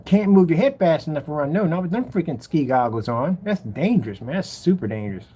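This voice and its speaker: Brief: male vlogger cracking himself up, swooping animated pitch, slangy mocking rant. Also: fast talker, husky. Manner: jokey, laughs often, mocking; slangy, exaggerated. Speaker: screen paint seller. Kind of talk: casual ranting commentary.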